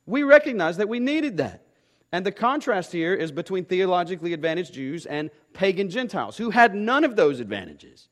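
A man's voice: high-pitched, very animated, brisk. A pastor preaching a sermon to his congregation, emphatic and repeating key phrases, often asking rhetorical questions.

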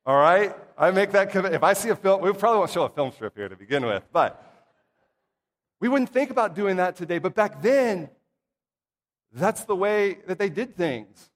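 A middle-aged man preaching a sermon to his congregation, telling childhood stories in a folksy, humorous way with lively asides. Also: high-pitched, normal speed. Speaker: pastor or church minister. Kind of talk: casual storytelling sermon. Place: church sanctuary. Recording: long hall reverb.

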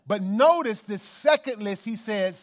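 Male pastor, high voice, animated church sermon with congregation asides. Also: measured pace. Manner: animated, emphatic preaching with repetitions and asides to the congregation.

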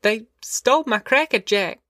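A man's voice: sits high, animated, unhurried, pushed and bright, no room sound, studio quality, voice pushed up, full character voice. A man voicing a fierce little farm girl who speaks in a sobbing, indignant way. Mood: tearful.

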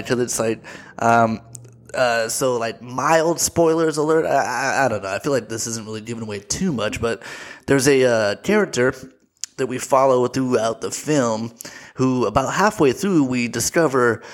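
Rambling American guy podcasting solo. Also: mid-range voice. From United States. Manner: rambling, frequent fillers, casual swearing. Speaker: podcast host. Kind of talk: casual rambling monologue.

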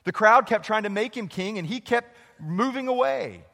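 A man preaching a sermon, acting out the quoted dialogue and swinging from loud, urgent passages to hushed, slow ones. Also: high-pitched, expressive, creaky, in a large hall. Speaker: pastor.

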